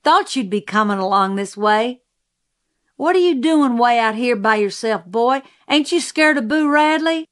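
A woman's voice: fairly high pitch, expressive, unhurried, voice pushed up. A woman voicing a mischievous young boy who shrieks and teases in a storybook reading. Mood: gleeful. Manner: shrieking, teasing.

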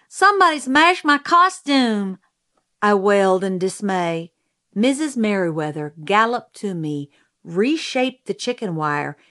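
A woman giving a measured storybook narration. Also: medium pitch, a bit bright. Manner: unhurried, measured reading. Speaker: audiobook narrator.

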